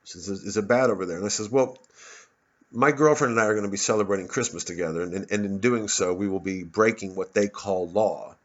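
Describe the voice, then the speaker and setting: A man's voice: lowish voice, fairly quick, lo-fi sound. A man ranting angrily to his phone camera, swearing and stumbling over repeated words. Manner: angry, profane, stammering repetitions. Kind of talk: casual rant. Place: outdoors, smoking a cigarette. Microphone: phone propped on a bottle.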